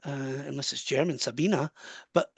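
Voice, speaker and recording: A Scottish male medium gives a live reading over a video call, warm and earnest as he relays messages with quick asides and laughs. His voice sits high, and the sound is dry and close, with no room sound.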